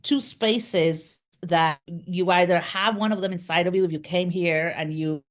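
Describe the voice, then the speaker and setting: A middle-aged Argentine woman whose voice sits a little on the low side, giving a casual interview. She rambles through her story with many fillers and restarts, her first language Spanish showing in her accent. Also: steady tone, unhurried. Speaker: guest, communications business founder.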